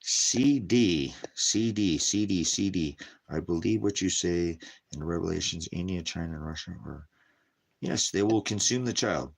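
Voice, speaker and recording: A man with a notably deep voice talks loosely on a livestream from home. He rambles from topic to topic, cracks crude jokes, and slips into doting baby talk with his dogs. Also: a little slow, gravelly. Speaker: livestream host.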